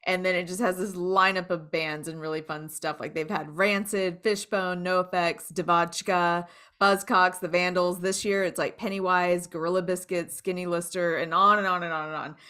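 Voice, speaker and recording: A woman's voice: lowish voice, fairly even intonation, normal speed, bright, forceful tone, smooth. A woman co-hosting a podcast in a casual chat, talking freely and laughing often between sentences. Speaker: podcast co-host.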